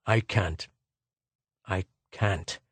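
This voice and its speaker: A man voicing a weary aged male Earthman, husky and halting as he speaks. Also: a bit bright, no room sound, full character voice. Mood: subdued. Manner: halting, low and subdued.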